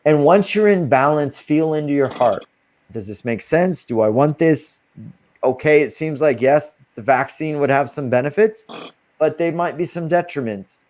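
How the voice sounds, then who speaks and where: A man's voice: on the high side, animated, moderate pace, darkish tone. A man as an interview guest, talking casually and earnestly as he coaches listeners through spiritual steps.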